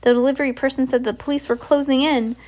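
A woman voicing a cautious, bookish teenage boy who talks in a hushed, careful way. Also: high-pitched, fairly even intonation, quick pace, voice pushed up, lightly acted.

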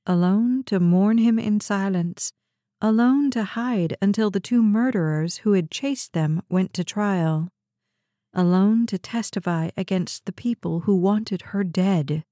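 A woman reading a suspense novel aloud as an audiobook narrator, in a steady, even storytelling read. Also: medium pitch, a little slow, no room sound, clean studio sound. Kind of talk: scripted narration.

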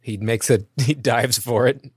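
A man's voice: mid-range voice, steady tone, measured pace, breathy edge, no echo, clean studio sound. A man playing a tabletop game who describes his character's actions in a hesitant, casual way. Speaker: player.

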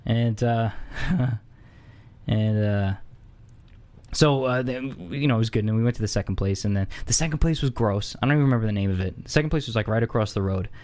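A man casually telling a comedic anecdote, conversational with many fillers and asides, getting louder and higher as the story heats up. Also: a little fast. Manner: animated, rising excitedly when impersonating locals.

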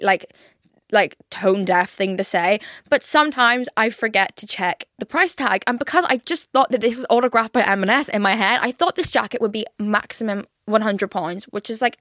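A woman's voice: mid-range voice, a bit bright, no echo, clean studio sound. A woman, rambling through casual solo podcast chat and swearing freely. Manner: chatty, rambling and swears a lot. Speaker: podcast host.

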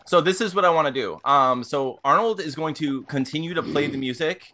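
A man's voice: fairly high pitch, a little fast, pushed and bright. A man playing in a tabletop game, talking through his character's actions hesitantly and thinking aloud. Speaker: player.

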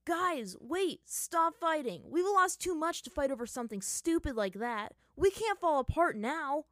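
A woman voicing a teenage boy who shouts and pleads for his friends to stop, in a fan fiction reading. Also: sits high, expressive, a little slow, dry recording, clean studio sound, pitched above the performer's own voice. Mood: pleading. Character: teenage boy warrior, urgent peacemaker. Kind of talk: fan fiction read aloud.

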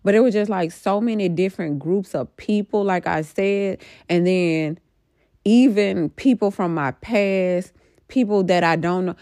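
A woman's voice: medium pitch, a little slow, warm tone, dry recording, studio quality. A middle-aged woman casually recounting a dream in a rambling, emphatic way, full of fillers. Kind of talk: casual storytelling about a dream.

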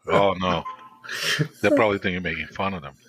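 A man's voice: low-pitched, fairly even intonation, fairly quick, fairly bright tone, no echo. A man co-hosting a podcast, chiming in with brief, laughing interjections. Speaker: podcast co-host. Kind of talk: casual podcast chat.

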